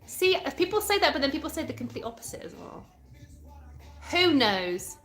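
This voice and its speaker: A woman's voice: high voice, sing-song, normal speed, a bit bright, faint music behind. A British woman from England in her thirties, chatting casually on a home live stream and answering viewer comments. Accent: British English. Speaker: livestream host. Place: indoors at home.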